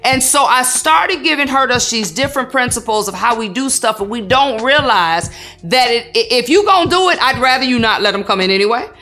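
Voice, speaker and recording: Female salon coach, earnest and bright-voiced, documentary testimony, faint music bed. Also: fairly high pitch, expressive, fairly quick. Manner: earnest, emotional, preacherly rhythm.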